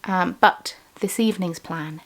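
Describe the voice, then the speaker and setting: A woman's voice: lowish voice, unhurried, fairly bright tone. Chatty lady rambling through her day on a craft vlog, lots of ums. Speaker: small business owner and vlogger.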